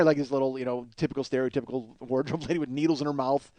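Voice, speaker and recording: A man telling a comic story as a podcast host, in a profane, excitable way and laughing through the story. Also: on the high side, fast, no echo.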